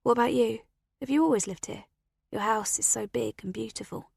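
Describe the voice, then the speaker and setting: A woman voicing a calm, clever teenage girl. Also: a little high, fairly quick, vocal fry, slightly rough, no room sound, clean studio sound, full character voice.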